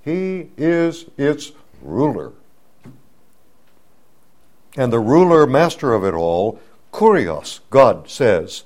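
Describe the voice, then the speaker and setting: A man preaching a sermon, teaching slowly and deliberately, building to emphatic swells on key words. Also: medium pitch, very animated, a little mellow.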